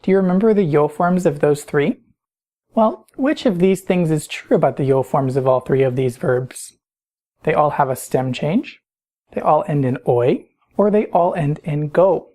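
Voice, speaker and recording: Woman teacher, low mellow voice, patient explainer who quizzes the listener. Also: animated, normal speed. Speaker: Spanish teacher. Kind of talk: recorded grammar lesson.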